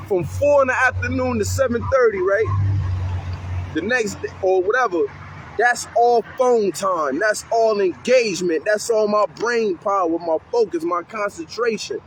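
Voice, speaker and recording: A man's voice: high voice, a little hiss or hum, rough recording. A man who works with youth, talking casually and animatedly outdoors on a city street corner, swearing freely and acting out kids' voices. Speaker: community youth worker. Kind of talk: street interview talk.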